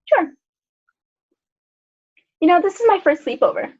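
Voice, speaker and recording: A woman's voice: extremely high pitch, sing-song, measured pace, a little mellow, heavily acted. A young woman playing a sheltered rich girl. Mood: breezy. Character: rich sheltered girl at her first sleepover. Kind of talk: student skit acting. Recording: dull lo-fi school video audio.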